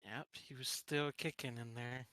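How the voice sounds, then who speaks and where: A man's voice: medium pitch, fairly even intonation, a little slow, sharp tone, no echo. A man playing his character in a tabletop game, casual and chatty, often restarting sentences. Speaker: player.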